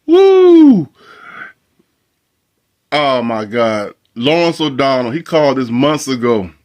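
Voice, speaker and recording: A man's voice: medium pitch, moderate pace. A man hosting a casual political commentary video, mocking and laughing often. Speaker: video host.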